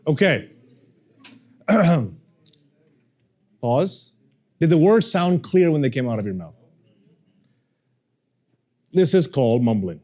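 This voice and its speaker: A man's voice: fairly high pitch, slow pace, long pauses. A man coaching a workshop audience on how to speak, acting out the people he quotes. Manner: animated, acts out quoted people. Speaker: communication coach. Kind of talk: workshop lesson.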